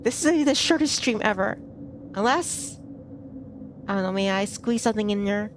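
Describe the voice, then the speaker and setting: A woman's voice: mid-range voice, animated, normal speed, slight background noise. A woman streaming a game, chatting casually and playfully, reacting aloud to what happens on screen.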